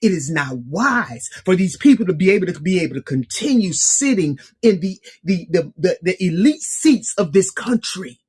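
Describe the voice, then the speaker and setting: A woman's voice: lowish voice, very animated, normal speed, few pauses, a little mellow, breathy edge. A woman in angry, impassioned political commentary, preaching with rhetorical questions.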